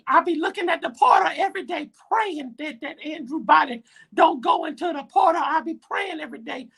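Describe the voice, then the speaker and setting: A woman's voice: very high voice, creaky, pushed and bright, full character voice. A woman voicing a whiny little boy football fan who pleads and rambles to Santa in a comedy skit.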